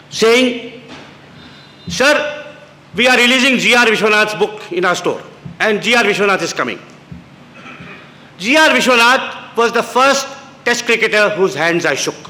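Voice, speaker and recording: A man in his sixties from India giving an anecdotal public lecture, telling stories with quoted voices and halting restarts, in a lecture hall. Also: high voice, bright, forceful tone. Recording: echoey hall.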